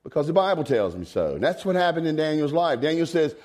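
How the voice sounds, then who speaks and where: A man, preaching a folksy sermon. He swings from low asides to high, emphatic exclamations. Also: sing-song, fast talker, hardly any pauses, darkish tone. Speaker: pastor.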